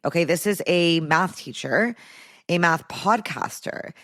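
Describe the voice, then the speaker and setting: A woman with a low, deep-set voice hosts her own podcast in a loose, conversational way. She talks candidly straight into the microphone and peppers her sentences with "like". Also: animated, measured pace, fairly bright tone. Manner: chatty and candid, heavy use of "like". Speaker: podcast host. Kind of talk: casual solo podcast chat.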